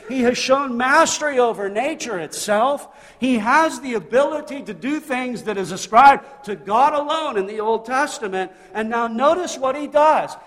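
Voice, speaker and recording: A man's voice: very high-pitched, fairly bright tone, big-room sound. A male pastor preaching a sermon in a church, emphatic and full of rhetorical questions. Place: church sanctuary.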